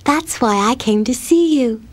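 A woman voicing a shy, dreamy little girl who talks softly and hesitantly in a storybook reading. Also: sits high, a little slow, pitched above the performer's own voice. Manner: soft, timid and hesitant.

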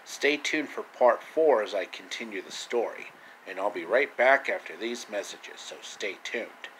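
A man's voice: on the low side, expressive, a little slow, a bit bright, a little hiss or hum, rough recording. A man vlogging a comedic retelling of a classic story, with joking, self-mocking asides.

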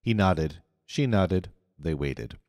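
A man narrating an audiobook in an expressive reading. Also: low voice, slow, no echo, clean studio sound, long reverb tail. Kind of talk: scripted narration.

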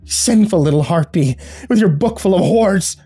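A man's voice: high-pitched, lively intonation, normal speed, dark tone, breathy edge, faint music behind, pitched above the performer's own voice, exaggerated voice. A man voicing a furious, fanatical religious aunt in a horror story, scolding with shrieking hatred. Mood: raging. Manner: shrieking, hate-filled scolding.

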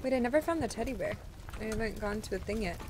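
A woman streaming a video game, reacting excitably and yelling and swearing when frustrated. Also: fairly high pitch, fast talker, noisy background. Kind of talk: live gameplay commentary. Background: game music.

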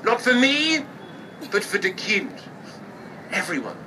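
A man from England working a crowd as a street performer, loud and cheeky, teasing and swearing for laughs. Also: high-pitched, sing-song, slow pace. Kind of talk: street show patter to a crowd. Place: outdoor city square with a crowd. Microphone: far from the recording camera. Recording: distant voice over loud crowd noise. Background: loud crowd and street ambience.

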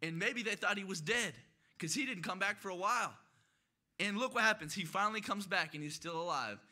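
A young man preaching a sermon in a church, shouting his emphatic declarations. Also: sits high, expressive, brisk. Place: church sanctuary.

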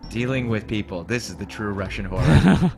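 A man's voice: lowish voice, lively intonation, normal speed, gravelly, a little mellow, soft background music. A man co-hosting a let's play, making dry remarks and searching for words in casual commentary.

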